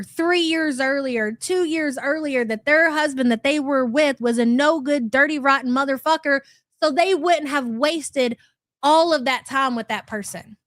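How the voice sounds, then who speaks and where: A woman's voice: high-pitched, fairly bright tone, no echo, clean studio sound. A woman giving exasperated, sarcastic reaction commentary and reading chat aloud. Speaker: commentary YouTuber.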